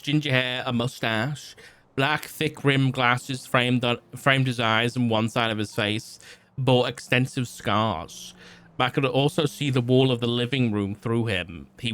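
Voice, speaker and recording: A man at a mid pitch reads a fan story aloud on his stream. The sound is close and dry, with no room around it. He stumbles, backtracks and breaks off for casual side remarks between passages. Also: a bit bright, smooth, dry recording.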